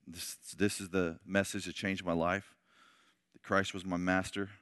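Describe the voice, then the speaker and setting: Male pastor, impassioned sermon, forceful bright voice, dry close sound. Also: low-pitched, little pitch movement, unhurried, no room sound. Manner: impassioned, swings from shouting to hushed. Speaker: pastor leading a men's Bible study.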